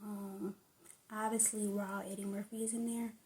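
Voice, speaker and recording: A woman's voice: medium pitch, little pitch movement, normal speed, darkish tone. A woman in casual chat about stand-up comedy, rambling off on tangents with frequent laughter. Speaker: vlogger.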